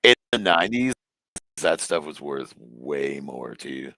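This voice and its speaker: A man with a gravelly voice chatting bluntly and swearing casually. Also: a bass voice, big pitch swings, slow, bright, forceful tone. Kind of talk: casual chat.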